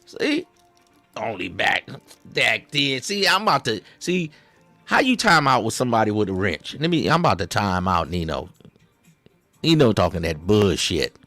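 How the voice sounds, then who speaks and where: Over faint music, this host reacts to clips with satirical commentary in a lowish, sing-song voice that sounds pushed and bright, at a normal speed. He drawls in Southern slang, rambles, repeats "see" constantly, and trips over restarts.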